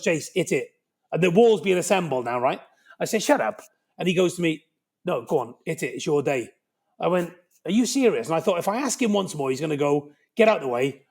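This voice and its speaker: A man in his fifties from Wales with a Cardiff Welsh accent, telling animated stories as a podcast guest. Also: on the high side, fast, slightly rough. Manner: animated, lively anecdote-telling with frequent "right?". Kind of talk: podcast interview storytelling.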